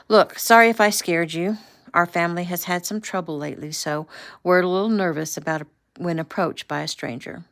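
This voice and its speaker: A woman voicing a spirited, gun-savvy young woman who talks in a brisk, sassy, teasing way, in a read-aloud novel. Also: fairly low pitch, fairly bright tone.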